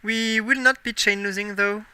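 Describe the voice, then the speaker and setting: Bright-voiced French-accented young streamer. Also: male voice, high voice, fairly even intonation, normal speed, smooth, no echo. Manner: musing aloud while playing, self-correcting. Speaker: game streamer. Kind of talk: casual live-stream commentary.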